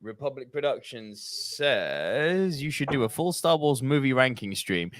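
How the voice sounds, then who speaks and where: A man's voice: mid-range voice, sing-song, no room sound. Teasing man on a dry mic. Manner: teasing, swearing, quick laughter. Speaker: host reading viewer comments. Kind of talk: casual live-stream chat.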